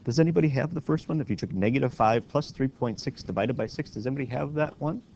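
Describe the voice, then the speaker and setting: A man teaching a classroom math lesson, walking students through each step and often checking in with a quick question. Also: mid-range voice, gravelly, a little mellow. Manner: walks students through steps with frequent questioning "right?". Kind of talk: classroom lecture. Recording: dull lo-fi classroom recording with faint noise.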